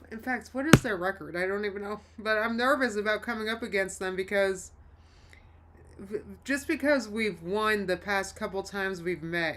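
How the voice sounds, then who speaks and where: A woman's voice: on the low side, a bit bright. A woman hosting a live stream in a rambling, self-interrupting casual chat, often laughing and reading chat messages aloud. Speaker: livestream host.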